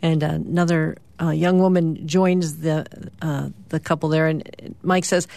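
Female radio host, middle-aged, lowish voice; lively comic-strip storyteller who pops up for character lines. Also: a little slow, gravelly, no echo. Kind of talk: reading newspaper comic strips aloud on morning radio.

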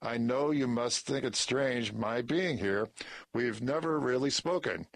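A man reading the part of a reclusive older neighbor who speaks in a slow, tired, wounded way. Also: mid-range voice, vocal fry. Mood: hesitant. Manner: slow, faltering, soft-spoken.

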